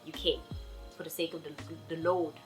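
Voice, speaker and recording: Sassy young woman vlogger, low voice. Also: flat delivery, normal speed, music in the background, poor audio. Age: young adult. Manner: sassy, playful, talks straight to viewers. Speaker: vlogger answering viewer questions. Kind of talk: casual chat.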